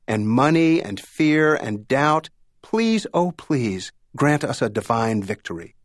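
A man voicing a desperate small-town lawyer who pleads in prayer in a drawn-out voice. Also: medium pitch, no room sound, studio quality.

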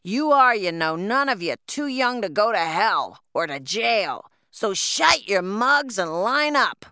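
A woman's voice: mid-range voice, sing-song, slow pace, sharp tone, smooth, dry recording, studio quality, voice pushed up, full character voice. A woman putting on a roaring, bossy man. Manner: roaring, threatening. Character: blustering loud male placing-out agent, bossy bully.

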